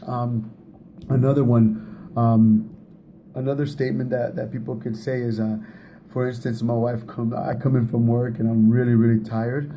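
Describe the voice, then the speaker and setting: A man speaks in a casual, teaching way about relationships, often stumbling over and repeating words and chuckling at himself. His voice is very dark and mellow. A faint noise runs under the recording. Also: mid-range voice, little pitch movement, normal speed.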